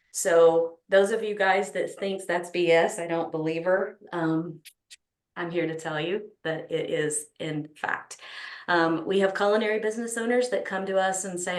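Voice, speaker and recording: Hosting an online business summit, a woman with a Texas accent gives enthusiastic opening remarks full of ums and restarts. Her voice is on the low side and sounds roomy.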